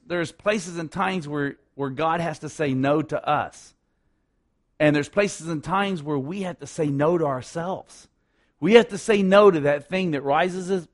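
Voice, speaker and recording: A male pastor preaching a sermon, emphatic and repetitive, with rhetorical asides to the congregation. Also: a little high.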